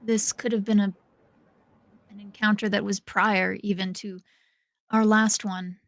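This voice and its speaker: A woman's voice: mid-range voice, little pitch movement, a little slow, no echo. A woman playing in a tabletop game, explaining things eagerly in rambling, restarting sentences. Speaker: player. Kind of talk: casual tabletop game chat.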